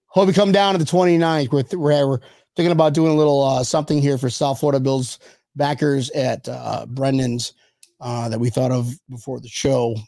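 A young man co-hosting a fan podcast in casual chat, excitable and joking, laughing often. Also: mid-range voice, brisk, vocal fry, no room sound, studio quality. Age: young adult. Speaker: podcast co-host.

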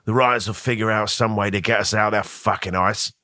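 Guy doing a rough english tough guy, swears a ton, bright edge, dry mic. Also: fairly low pitch, steady tone, fast, no echo. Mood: smug. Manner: curt, swears a lot. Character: tough-guy English action star, gruff, touchy man.

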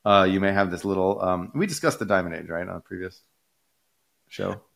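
Podcast co-host, male, lowish pitch, chatty, rambling explainer. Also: fairly quick, gravelly. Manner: rambling, restarts, many fillers, animated pitch jumps. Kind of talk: casual conversational explainer.

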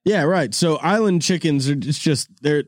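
A man telling a loose story on a podcast. He laughs through it, throws in "dude" and swears. His voice sits a little high and sounds close and dry. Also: moderate pace, dry recording. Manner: laid-back, swears, says "dude" a lot, laughs through stories. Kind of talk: casual storytelling chat. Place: studio room. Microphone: studio mic with cord.

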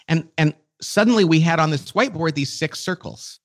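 A middle-aged man as a podcast guest, telling a story with quick, enthusiastic energy. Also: fairly high pitch. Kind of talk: casual conversation.

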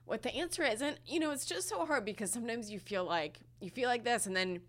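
A woman in her thirties co-hosting a casual chat, halting and emotional, with many fillers. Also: a little high, expressive. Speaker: podcast co-host.

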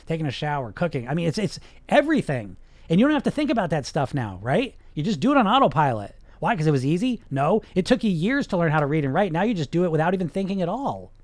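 A man's voice: on the high side, darkish tone, dry recording. A man, a hypnotist hosting a podcast, talking in an emphatic, blunt way with lots of rhetorical questions and the odd swear word. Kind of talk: motivational podcast monologue.

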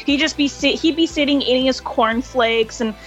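A woman's voice: high-pitched, moderate pace, muffled recording, soft background music. Chatty woman telling stories with laughs. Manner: animated, laughs often, acts out quoted voices. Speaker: interview guest, hotel hospitality worker. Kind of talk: casual interview storytelling.

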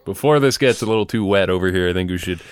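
A man's voice: low voice, quick pace, clear, resonant tone, no room sound, clean studio sound. A man hosting a podcast in casual chat, laid-back as he wraps up the episode. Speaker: podcast host.

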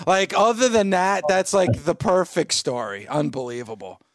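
A man hosting a casual interview, easygoing and quick to laugh. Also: sits high, expressive. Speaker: host.

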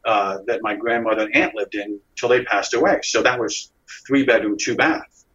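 A man being interviewed, telling a story in a lively way and acting out the dialogue as he goes. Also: fairly low pitch, normal speed, muffled recording. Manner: animated storyteller, acts out dialogue.

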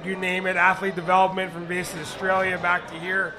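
A middle-aged man and former hockey player, speaking with a raspy voice, answering questions casually at a live bar event. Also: high-pitched, brisk, a crowd in the background. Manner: relaxed, rambling with fillers.

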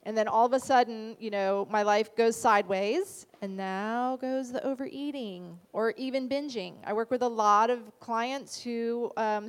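A woman's voice: on the high side, clear, resonant tone. A woman dietitian teaching a class in a casual, conversational way, often asking the audience rhetorical questions.

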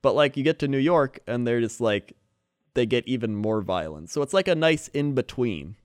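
Chatty man with a lively voice. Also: medium pitch, normal speed, no echo, clean studio sound. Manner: laughs often, slips into mock Chicago voices. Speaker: podcast co-host. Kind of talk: casual chat.

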